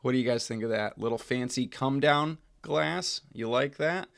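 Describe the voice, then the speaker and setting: A man's voice: mid-range voice, moderate pace, vocal fry, a bit bright, dry recording, studio quality. A young American man hosting a beer tasting live stream from home, chatting loosely with his viewers, swearing casually and trailing off mid-sentence. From United States. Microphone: desk microphone.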